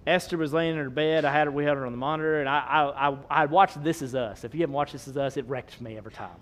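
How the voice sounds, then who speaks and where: A man, preaching a sermon, swinging between loud emphasis and soft low asides. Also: fast talker. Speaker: pastor.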